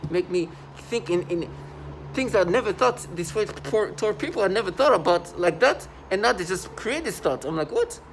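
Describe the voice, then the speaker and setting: A man's voice: sits high, lively intonation, moderate pace, slight background noise. A man talking to his camera in an agitated, indignant monologue, stopping and restarting often. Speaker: vlogger.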